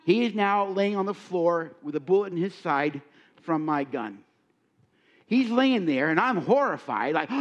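A man's voice: sits high, moderate pace. A middle-aged man preaching a sermon, acting out little scenes and firing questions at his listeners. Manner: animated, acts out dialogue, asks the audience questions. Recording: dull lo-fi recording.

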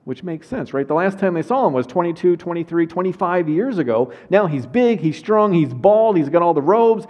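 A man preaching a sermon, opening with a prayer and then telling a Bible story in a lively way with asides, reading scripture aloud. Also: high-pitched, normal speed, hardly any pauses. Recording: dull lo-fi sound.

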